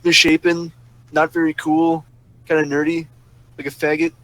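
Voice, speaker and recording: A man's voice: a little high, flat delivery, normal speed, a bit bright, no echo, poor audio. A man telling a long story in a casual, profane rant, sarcastic and flaring up angry. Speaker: storyteller ranting about a roleplay server. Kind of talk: casual ranting monologue.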